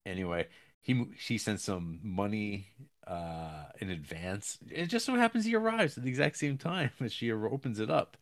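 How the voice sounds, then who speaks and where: A man's voice: animated, normal speed. Casual man recapping a film. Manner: rambling, many fillers and restarts; acts out characters' lines with jumps in pitch.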